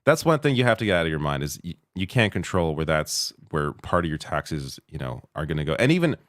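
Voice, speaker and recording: Low-voiced man on a dry mic. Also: sing-song, a little fast, no room sound. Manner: laid-back, chuckling, trails off. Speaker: co-host reading donations. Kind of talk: casual livestream chat.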